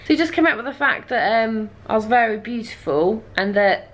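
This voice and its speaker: A woman's voice: fairly high pitch, animated, fairly quick. A young woman vlogger telling a travel story to camera in a chatty, casual way, laughing often and dropping dry asides.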